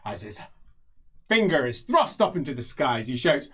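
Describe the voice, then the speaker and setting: Male game master, playful narrator, lively melodic delivery. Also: medium pitch, moderate pace, husky.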